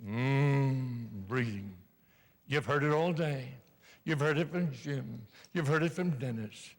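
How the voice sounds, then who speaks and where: An older man giving a live motivational speech to an audience in a large hall, animated and playful as he urges the crowd along. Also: a little high, normal speed. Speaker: motivational speaker. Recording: long reverb in a hall.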